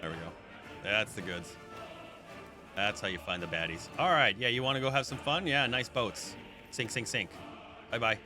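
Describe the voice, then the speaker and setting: A man's voice: on the low side, normal speed, long pauses. A man giving chatty live commentary while he plays a strategy game and talks to his chat. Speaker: streamer. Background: background music.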